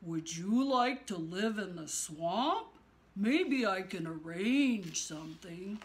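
A woman's voice: medium pitch, expressive, slow pace, a little hiss or hum. A woman voicing a smug swamp-dwelling lizard creature in a storybook read-aloud, sly and condescending.

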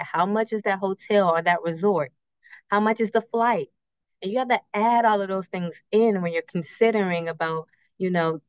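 A woman's voice: fairly low pitch, clear, resonant tone, no echo. A woman from a credit union presenting a casual workshop on budgeting with slides. She talks conversationally, uses everyday personal examples, and keeps checking in with "right?" and rhetorical questions. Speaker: credit union financial educator. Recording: slightly muffled, dry recording.

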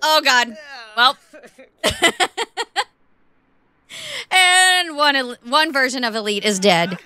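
A woman streamer giving excitable live commentary on a game, laughing often and exclaiming over what happens on screen. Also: sits high, slow pace. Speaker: Twitch streamer.

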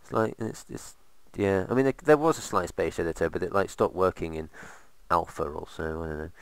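A man's voice: deep voice, a little fast, creaky, clean tone, no room sound. A man casually commentating while playing a game, rambling with sarcastic asides. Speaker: let's play host.

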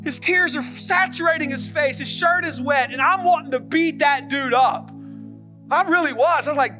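Animated pastor preaching with faint music. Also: male voice, a little fast. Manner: animated, gets loud and high when excited. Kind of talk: sermon storytelling.

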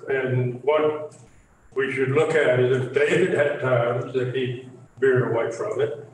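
Class member talking from across a big echoey room, hesitant. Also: male voice, medium pitch, steady tone, slow, distant mic, slight background noise. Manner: hesitant, restarts his sentences. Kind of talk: class discussion comment.

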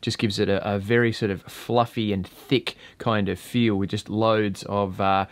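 A man's voice: on the low side, level tone, measured pace, no room sound. Sweary laid-back Australian man. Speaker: vape and beer reviewer. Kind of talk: casual review vlog.

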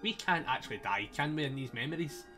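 A man's voice: mid-range voice, expressive, fast talker. A man casually commenting on a story game he is playing live, joking with his chat, laughing often and swearing freely, his voice a little strained. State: slightly strained voice. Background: faint game soundtrack music.

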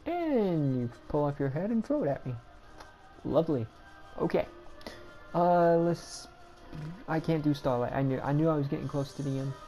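A woman giving casual, chatty commentary as she plays through a game, with quick self-deprecating asides. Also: sits low, lively intonation, mellow, soft background music. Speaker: gameplay commentator.

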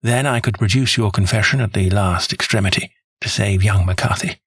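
A man voicing a calm, precise detective who speaks in a measured, gentle way. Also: fairly low pitch, husky, no room sound, studio quality, full character voice.

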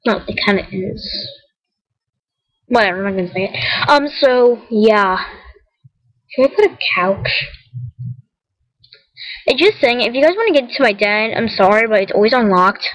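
A woman's voice: medium pitch, animated, normal speed, pauses often, a bit bright, poor audio. A young female vlogger giving casual, rambling commentary while showing her game, often correcting herself, and saying she is tired and cold. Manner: chatty, rambling, self-correcting, giggly. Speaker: gaming vlogger.

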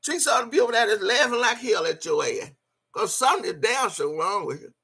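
A woman's voice: fairly high pitch, expressive, quick pace, fairly bright tone, husky. A woman hosting a live stream, answering her chat and scolding a critic in a profane, mocking rant. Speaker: livestream host.

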